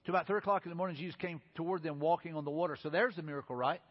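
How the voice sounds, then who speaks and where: Preacher, quick and chatty, slightly raised pitch, acts out the voices in his story. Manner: conversational, acts out quoted voices. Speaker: pastor. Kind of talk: sermon. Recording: muffled sound in a reverberant hall.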